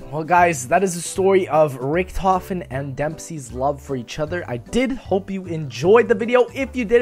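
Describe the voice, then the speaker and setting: A man's voice: high-pitched, moderate pace, faint music behind. A man reading fan fiction aloud to his channel, casual and profane, breaking off into reactions. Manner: profane, animated asides between read lines.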